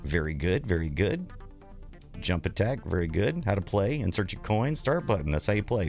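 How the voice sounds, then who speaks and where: A man's voice: low voice, very animated, normal speed, darkish tone, faint music behind. A middle-aged man streaming a retro game, chatting casually, rambling and laughing while reading his chat.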